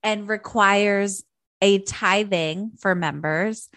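Woman podcast co-host, mid pitch, gossipy and profane, dry sound. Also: slow pace, fairly bright tone, dry recording. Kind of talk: casual chat.

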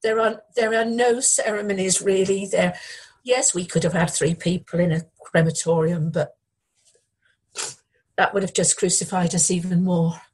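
Grieving middle-aged woman, husky, halting, repeats herself. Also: fairly low pitch, fairly even intonation, darkish tone, rough recording. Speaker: interviewee, bereaved widow. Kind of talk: emotional news interview.

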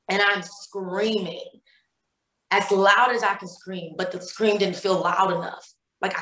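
Woman guest, mid pitch, emotional storyteller who quotes every voice, echoey recording. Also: fairly bright tone. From Cleveland, Ohio. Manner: emotional retelling with many repeated words and quoted dialogue. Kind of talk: personal storytelling in a podcast interview.

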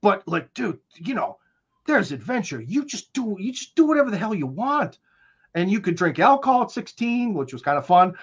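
Brief: American male guest, higher-than-average voice, rambling slang-heavy storyteller, muffled lo-fi capture. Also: sing-song, moderate pace, slightly rough. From United States. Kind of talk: casual conversational storytelling.

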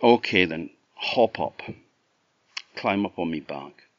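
A man's voice: sits low, expressive, takes it slowly, dry recording, dull audio. A man voicing a young woman who is an enchanted swan, speaking in a pleading, insistent way.

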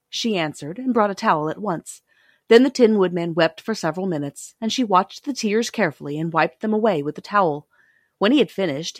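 A woman reading a classic children's novel aloud, narrating clearly and expressively into a close microphone. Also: mid-range voice, dry recording. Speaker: audiobook reader.

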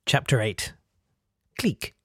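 A man's voice: slow pace, no room sound, clean studio sound. Man reading aloud with jokey asides. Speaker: comedy podcast host reading aloud.

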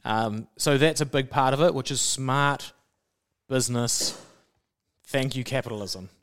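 A man explains things calmly on a casual podcast. His voice sits at an ordinary middle pitch. His manner is relaxed and knowing, and he drops in the occasional swear word. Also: unhurried, smooth. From New Zealand. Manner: explanatory, laid-back, sweary. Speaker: podcast co-host.

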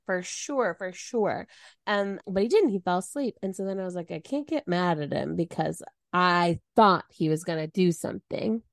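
A podcast co-host tells an animated story in casual chat, acting out quoted lines with big vocal swings. Her voice is on the low side at a moderate pace, in a studio-quality recording with no room sound.

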